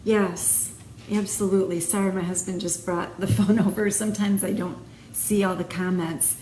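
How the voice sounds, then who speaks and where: A woman's voice: medium pitch, fairly even intonation, normal speed, dark tone. Woman, earnest faith talk to camera, emphatic repeats, echoey room, faint hiss. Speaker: video host.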